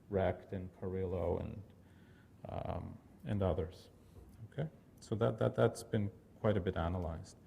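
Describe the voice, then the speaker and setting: Man, lecturer, lowish gravelly voice, thoughtful academic talk, lots of ums. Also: a little mellow, a little hiss or hum. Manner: thoughtful, with many fillers and restarts. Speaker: workshop lecturer.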